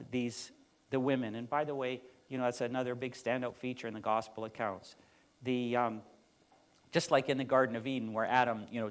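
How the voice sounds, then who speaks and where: A middle-aged man from Canada preaching a sermon in a conversational way, with fillers and restarts. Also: medium pitch. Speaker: pastor.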